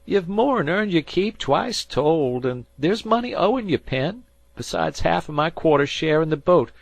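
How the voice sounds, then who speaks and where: A man's voice: on the high side, animated, normal speed, vocal fry, no echo, pitched above the performer's own voice. A man voicing a fretful old sea farmer who talks in a rustic dialect. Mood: pleading.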